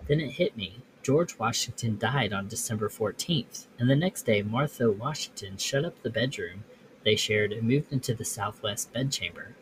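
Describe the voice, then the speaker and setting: A man's voice: fairly low pitch, normal speed, a little hiss or hum. A man hosting a podcast, reading ghost stories aloud and breaking off into offhand comments. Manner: reads text, then breaks off into offhand comments. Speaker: podcast host.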